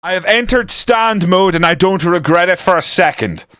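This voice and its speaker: Young streamer, potty-mouthed and volatile, smooth voice, dry close sound. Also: male voice, high-pitched, normal speed, no echo. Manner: swears constantly, yells at the match. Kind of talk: live game-stream commentary. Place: room at home with window open.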